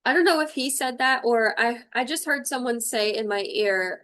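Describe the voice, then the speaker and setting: A woman's voice: fairly high pitch, moderate pace, a bit bright. Blunt, emotional woman doing a tarot reading. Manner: emotional, blunt, swears freely. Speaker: intuitive tarot reader. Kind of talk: livestream spiritual reading.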